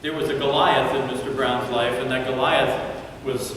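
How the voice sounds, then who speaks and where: A man preaching a sermon as pastor, telling a story dramatically and dropping to hushed tones at times. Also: medium pitch, fairly even intonation, normal speed, a little hiss or hum. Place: large church sanctuary. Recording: echoey church hall from far off.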